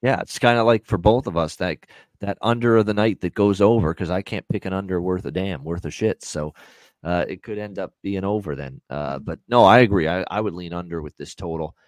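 A man's voice: sits low, dry recording. A man hosting a sports betting show, talking casually with many fillers. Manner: quick, chatty, many fillers. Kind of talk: casual betting analysis chat.

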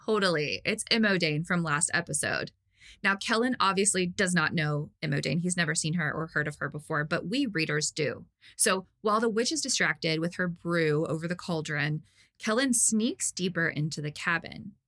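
A woman's voice: lowish voice, normal speed, a bit bright. A woman co-hosting a podcast, chatting enthusiastically with lots of fillers. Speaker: podcast co-host. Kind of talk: casual chat.

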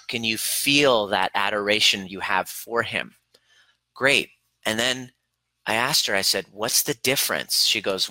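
A man's voice: lowish voice, sharp tone, no echo, rough recording. A man working as a relationship coach who speaks earnestly and emphatically, retelling a client session in quoted dialogue and addressing the listener directly. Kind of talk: coaching talk to camera.

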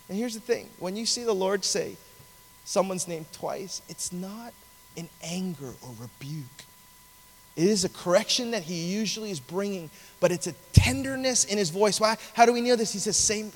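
A man preaching a sermon, telling a story in an animated, conversational way, in a large cathedral. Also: sits high, moderate pace. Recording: long reverb of a large hall.

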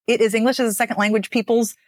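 A woman speaking as a speech and dialect coach, explaining with emphatic, lively phrasing and frequent "right?" checks. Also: fairly high pitch, racing, no room sound, clean studio sound. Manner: animated, emphatic, lots of "right?". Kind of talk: podcast interview guest.

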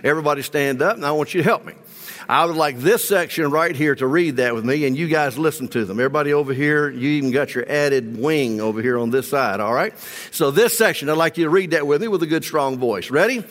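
A man's voice: fairly high pitch, expressive, fast talker, a bit bright. A man preaching a sermon as pastor, leading his congregation in call-and-response and asking reflective questions. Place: large church sanctuary. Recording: long church hall reverb.

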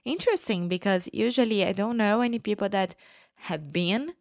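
A young woman from Brazil with a Brazilian Portuguese accent, chatting casually in a lively way with frequent laughs. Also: mid-range voice, normal speed, no room sound, studio quality. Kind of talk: casual chat.

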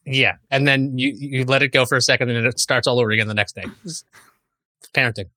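A man's voice: medium pitch, fast, no room sound, studio quality. A middle-aged man with a New York accent, chatting as a guest in an interview and acting out little scenes of dialogue. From Queens, New York. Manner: animated, acts out dialogue in quoted voices. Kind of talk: casual interview chat.

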